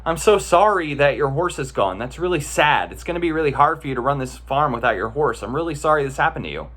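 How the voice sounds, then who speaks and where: A man's voice: expressive, fairly bright tone. A man voicing effusive village neighbors in a told folk story, raising his voice and speeding up as they gush. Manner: effusive, high-pitched, fast. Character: gushing sympathetic village neighbors, ancient China.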